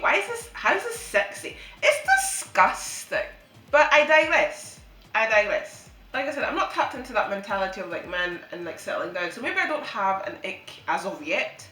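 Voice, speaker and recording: A woman's voice: on the high side, sharp tone. A young woman vlogging in a casual, jokey chat to camera, ranting about her pet peeves and swearing now and then. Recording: echoey room with faint background music.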